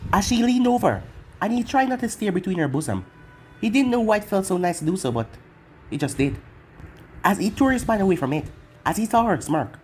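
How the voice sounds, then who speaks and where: Lively machine-like story narrator. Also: medium pitch, brisk, soft background music. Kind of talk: reading fan fiction aloud.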